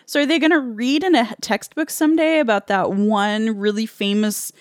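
A woman's voice: fairly high pitch, steady tone, moderate pace, dry recording. Woman chatting, dry close sound. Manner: hesitant, restarts a lot, wry. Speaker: podcast co-host. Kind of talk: casual chat.

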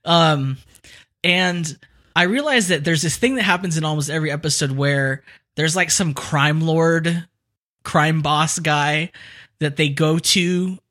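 Jokey podcast co-host, male, bright tone, somewhat high pitch. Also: measured pace. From California. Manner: laughs often, jokey. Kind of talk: casual chat.

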